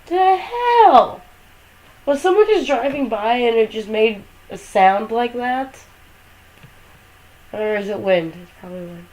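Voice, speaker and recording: A woman's voice: a little high, lively intonation, measured pace, a little mellow, low-quality recording. A young woman chatting casually and swearing freely as she walks through a game, talking from her bedroom while lying down. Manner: rambling, swearing, jokey. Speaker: gaming vlogger.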